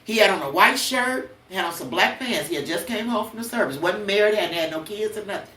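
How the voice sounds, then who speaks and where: A woman's voice: mid-range voice, expressive, fairly quick, bright, forceful tone, roomy sound, distant mic. An older woman hosting a podcast, telling blunt, preachy personal stories with cursing. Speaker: podcast host. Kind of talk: emotional personal monologue.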